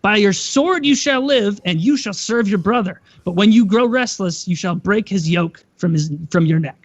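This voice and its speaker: A man voicing an old blind father who speaks slow, solemn biblical blessings. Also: high voice, dry recording, dull audio.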